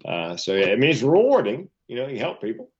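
A man's voice: medium pitch, huge pitch swings, fast talker. A man in his fifties, a comedian and keynote speaker, telling stories and punchlines in casual podcast chat with a self-deprecating manner. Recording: dull lo-fi audio.

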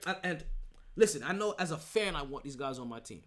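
A man hosts a sports podcast alone, talking casually and emphatically, rambling, restarting, and tossing in "right?" often. His voice sits high and is a bit bright, with a sing-song lilt at normal speed.

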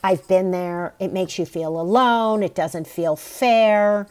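A woman hosts an advice podcast in a reassuring, direct voice. Her pitch sits in the middle of the range for women. She talks straight to the listener. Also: slow pace, a little mellow, smooth. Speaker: podcast host.

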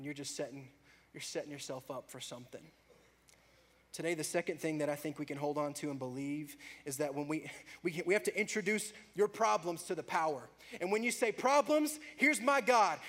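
A man preaching a sermon, rising to loud, fervent prayer and dropping back to a soft, conversational tone. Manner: builds to loud, high-pitched fervor in prayers; drops to soft, low conversational tone between peaks. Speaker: pastor.

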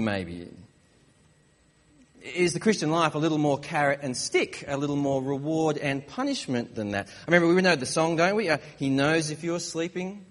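A man's voice: fairly high pitch, long reverb tail. Man preaching a chatty sermon. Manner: conversational, joking storyteller.

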